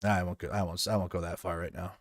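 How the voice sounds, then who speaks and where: A man's voice: low-pitched, little pitch movement, fast talker, no echo, clean studio sound. A man streaming live, reacting to news in loose, profane, rambling talk. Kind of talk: casual live stream commentary.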